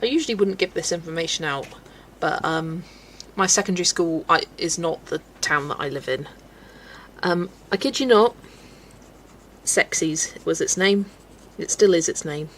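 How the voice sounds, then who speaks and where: A woman's voice: fairly low pitch, moderate pace, slight background noise. A young English woman hosting a colouring livestream, chatting casually and telling stories with frequent giggles. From England. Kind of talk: casual chat while colouring, reading chat.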